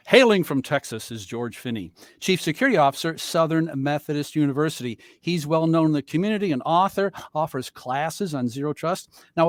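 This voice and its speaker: A man's voice: fairly high pitch, no echo. A man moderating an online panel, introducing guests with playful teasing jokes over a video call. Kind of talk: joking webinar moderation.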